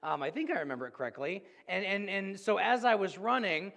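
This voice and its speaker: A man preaching a sermon as pastor, earnest and storytelling, swinging between loud and hushed. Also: sits high, lively intonation, fairly quick, gravelly, in a large hall.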